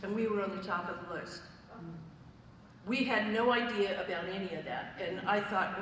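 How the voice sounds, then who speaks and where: Woman, church testimony, chatty detailed storyteller, middle-pitched, distant in a reverberant hall. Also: normal speed, fairly bright tone. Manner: conversational storytelling, vivid detail. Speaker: church member giving testimony. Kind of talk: personal testimony to a fellowship gathering. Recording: echoey hall, voice from far off, faint noise.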